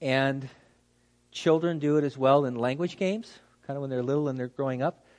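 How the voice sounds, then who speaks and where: A man who is a pastor giving a conversational teaching talk, lively and acting out how words get mispronounced, with many fillers and restarts. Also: medium pitch, moderate pace. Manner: animated, acts out mispronunciations.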